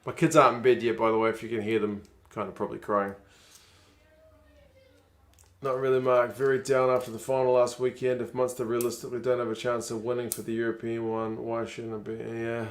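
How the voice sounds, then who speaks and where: A man's voice: mid-range voice, level tone, a little fast. Chatty New man. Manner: chatty, wry, reads out viewer comments. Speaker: rugby watchalong streamer. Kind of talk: casual live-stream chat.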